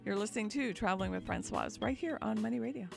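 A woman's voice: mid-range voice, fast talker, gravelly, loud music behind the voice. A woman hosting a radio talk show, chatty and upbeat. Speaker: radio host.

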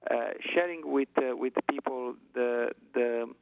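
Casting: Italian-accented male guest, gravelly, tinny phone line, halting with fillers. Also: mid-range voice. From Italy. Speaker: guest singer. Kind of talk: phone interview.

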